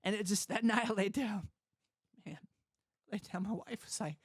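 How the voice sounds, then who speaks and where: A young adult man telling his story as an interview guest, animated, often laughing and acting out the voices of others. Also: high voice, moderate pace, husky, no room sound, studio quality. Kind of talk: casual storytelling.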